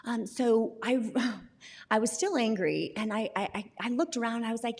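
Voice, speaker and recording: At a recovery talk, a woman guest gives candid personal testimony about her recovery, frequently laughing at herself and starting her words over. Her voice is fairly high and darkish in tone, with a moderate pace, and the hall adds a long reverb.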